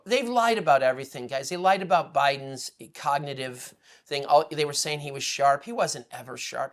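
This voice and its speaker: A man speaking as a guest on a political talk show, emotional and rambling, swinging between loud outbursts and hushed asides. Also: fairly high pitch. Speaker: guest commentator. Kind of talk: impassioned political commentary.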